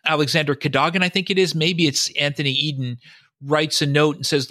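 A man's voice: fairly high pitch, steady tone, brisk, bright, forceful tone, dry recording, clean studio sound. A man, a historian and author, giving long explanatory answers in a podcast interview, often quoting sources and thinking aloud.

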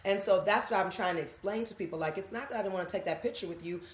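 A woman, a guest telling animated stories in an interview and acting out what people said. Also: mid-range voice, rapid-fire. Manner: animated storytelling, acts out quotes. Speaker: guest, actress. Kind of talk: candid interview conversation. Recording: roomy echo.

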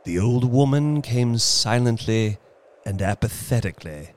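Slow, suspenseful male storyteller. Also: mid-range voice, animated, a little mellow, slight background noise. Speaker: narrator. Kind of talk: dramatic storybook reading. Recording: reading over background music.

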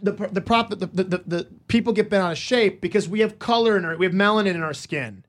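A man's voice: high voice, fast talker. A middle-aged man, a comedian guest, talking in casual podcast chat, riffing animatedly and stacking repeated words.

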